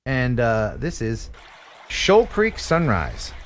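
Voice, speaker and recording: A man's voice: mid-range voice, slow pace, slight background noise. A man from the United States hosting a live stream from home, chatting casually and cracking jokes. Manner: jokey, animated banter. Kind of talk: casual chat.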